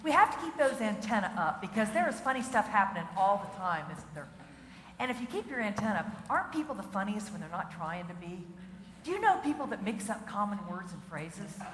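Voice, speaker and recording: Funny lady keynote speaker, super lively voice, echoey hall with long reverb. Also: mid-range voice, a little fast. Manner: animated, playful, bursts into song. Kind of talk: comedic keynote with singing. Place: large auditorium with audience. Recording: echoey hall, faint noise.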